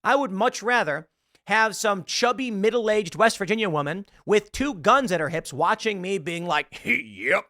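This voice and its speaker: A man's voice: high-pitched, expressive, moderate pace, pushed and bright, no room sound, clean studio sound. A man in his thirties hosting a political commentary show, ranting sarcastically and mocking an article he reads aloud. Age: 30s.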